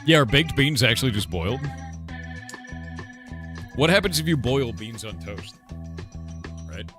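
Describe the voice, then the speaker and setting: A man's voice: mid-range voice, big pitch swings, a little slow, music in the background. A middle-aged American man streaming live, riffing and joking with his chat in loose banter. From United States. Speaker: game developer streamer.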